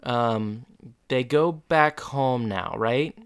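A man co-hosting a casual podcast, retelling scenes in a relaxed way. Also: medium pitch, extremely slow, clean tone. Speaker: podcast co-host. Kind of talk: casual chat recapping a show.

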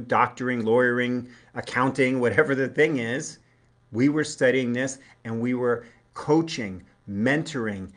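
A man's voice: mid-range voice, a bit bright. A man giving a live relationship coaching talk, earnest and explanatory, acting out short everyday dialogues.

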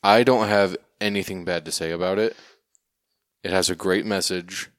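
A man hosting a casual podcast about movies, steering the talk in a deadpan, mock-serious way. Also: deep voice, normal speed, no room sound, studio quality. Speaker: podcast host leading the discussion.

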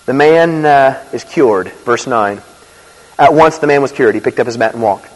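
A man preaching a sermon in a conversational, animated way, with asides and quick laughs. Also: medium pitch. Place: church. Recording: reverberant hall.

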